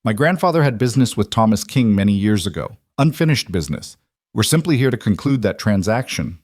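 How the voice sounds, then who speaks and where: A man voicing a smooth, educated and coldly polite man who makes threats. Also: on the low side, very animated, fairly quick, darkish tone, no room sound, studio quality. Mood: smooth menace. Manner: smooth and educated, turning hard.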